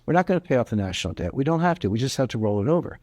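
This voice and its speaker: A man's voice: medium pitch, big pitch swings, very fast, a little mellow, no echo. Emphatic man explaining economics, dry sound. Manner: emphatic, explanatory, repeats key points. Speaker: interview guest, economic commentator. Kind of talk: interview answers.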